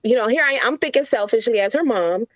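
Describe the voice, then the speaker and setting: A woman guest, a mother and nurse, telling a story from her family life in an animated way and acting out what was said. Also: a little high, quick pace, no echo. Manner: animated storyteller who acts out the quotes in her stories. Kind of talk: casual interview storytelling. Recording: slightly dull, lo-fi dry sound.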